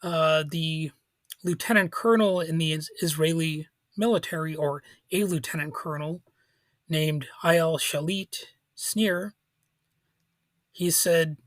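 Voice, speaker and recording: A male podcast host talking through political news in a casual, halting way, with frequent restarts. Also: fairly high pitch, no room sound. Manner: informal, halting, with restarts and soft laughs.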